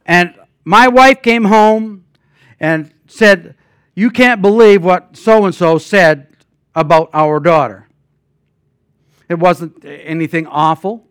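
An older man preaches as a guest pastor, spinning homespun stories full of fillers and false starts. His smooth, slightly high voice rises into loud emphatic passages and drops to quiet asides. The sound is dry and close. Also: slow, pauses often, no room sound. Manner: folksy storytelling with many fillers and restarts. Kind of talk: sermon.

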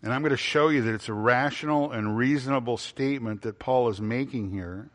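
The pastor talks fast with hardly any pauses, his ordinary mid-range voice followed by a long reverb tail. Asking the congregation questions he answers himself, he hammers key phrases through repetition and fills gaps with frequent fillers.

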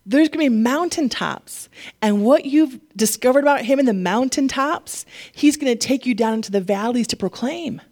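A woman pastor preaching a sermon, animated and laughing often, getting emotional at times. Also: fairly high pitch, moderate pace.

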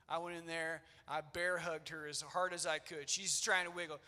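A man's voice: on the high side, a little fast, hardly any pauses, pushed and bright. A man in his thirties preaching a sermon in an old church, earnest and conversational with loose fillers. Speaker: pastor. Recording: long church-hall reverb.

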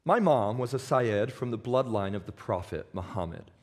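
A pastor preaching a sermon, earnest and emphatic, slowing down for weight and sometimes stumbling over restarts. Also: male voice, lowish voice, animated. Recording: long hall reverb.

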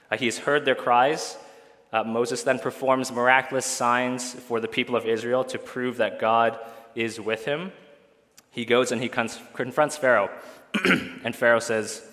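A male pastor speaks to his congregation in a bright, forceful voice. He talks in a loose, conversational way, full of ums and restarts. His voice carries the long reverb of a church hall. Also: medium pitch. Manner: conversational, with frequent fillers and restarts. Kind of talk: sermon.

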